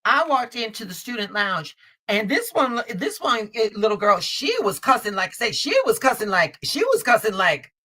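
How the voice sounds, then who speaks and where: Blunt, profane host, bright voice. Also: female voice, on the high side, sing-song, moderate pace. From Chicago. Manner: blunt, profane, emphatic storytelling. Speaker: host, tarot reader. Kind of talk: casual live-stream chat.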